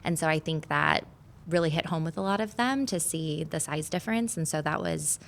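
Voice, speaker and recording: A woman's voice: sits low, normal speed, vocal fry. A woman teacher talking about her class in an earnest, explanatory way on a podcast. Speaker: fourth grade teacher. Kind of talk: podcast conversation.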